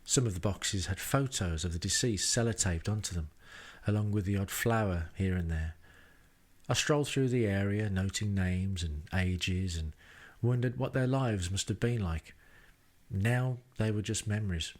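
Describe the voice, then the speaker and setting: A man's voice: fairly low pitch, moderate pace. Wry man narrating a travel diary. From England. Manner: dry, self-deprecating, wry asides. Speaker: podcast host. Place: rented home.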